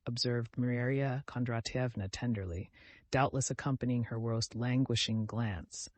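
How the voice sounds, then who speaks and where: Male audiobook narrator, mid-pitched voice, measured reading, very dry close sound. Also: steady tone, no echo. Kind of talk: scripted narration.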